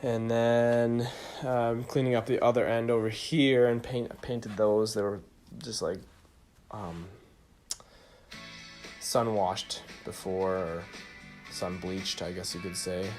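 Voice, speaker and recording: A man explaining his boat restoration in a relaxed, halting way with plenty of fillers, recorded on a phone in his home garage. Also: lowish voice, soft background music. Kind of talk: casual how-to narration. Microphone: phone camera.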